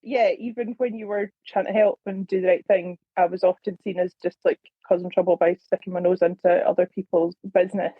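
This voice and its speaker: A woman's voice: fairly low pitch, level tone, fairly quick, hardly any pauses, dry recording. Candid sweary woman, dull lo-fi sound. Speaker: community member. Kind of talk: casual podcast introduction.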